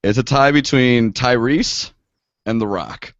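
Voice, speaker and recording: A young man co-hosts a podcast with a mid-range, slightly slow voice, chatting in a relaxed, casual manner packed with fillers. The recording is dry, dull and lo-fi, with no echo.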